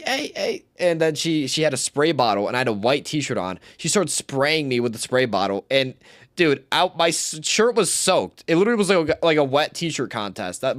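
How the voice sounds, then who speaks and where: A young man with a mid-range, fairly bright voice is streaming live, recorded with clean studio sound and no echo. He tells rambling, slangy stories casually and swears often.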